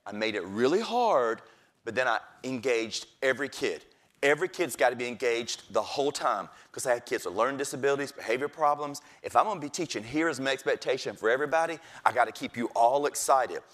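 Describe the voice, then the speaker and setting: Animated man telling a teaching story. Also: mid-range voice, fairly quick. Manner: lively, acts out voices of kids and principal. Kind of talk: storytelling talk.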